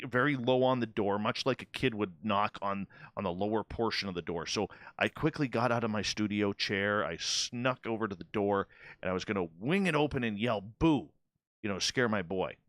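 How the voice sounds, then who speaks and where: A man hosting a radio panel show, telling a story in a casual, animated way and playing out both sides of a conversation. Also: lowish voice, dry recording.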